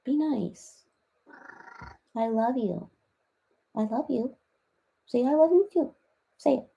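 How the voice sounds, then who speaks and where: A woman's voice: medium pitch, expressive, normal speed, a little mellow, muffled recording. A woman playing a rambling, chatty reality-TV woman in a comedic parody livestream, who baby-talks her cats and answers viewers by name. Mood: scolding.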